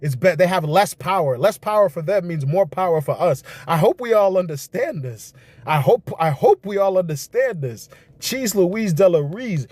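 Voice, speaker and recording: A man's voice: sits high, lively intonation, moderate pace, a little mellow, no echo. A young man giving casual, rambling political commentary on a livestream, reacting to chat as he goes. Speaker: livestream host.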